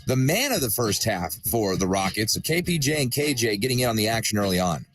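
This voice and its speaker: A man narrating basketball highlights as a studio host, upbeat and setting up each clip. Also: big pitch swings, fairly quick, a bit bright, soft background music. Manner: upbeat, hyping the next clip.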